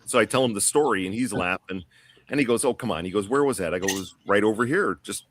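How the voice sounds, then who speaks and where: A man's voice: fairly low pitch, animated, quick pace, fairly bright tone, slight background noise. A man telling a long story on a podcast panel in a casual, rambling way, full of fillers and restarts. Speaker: guest.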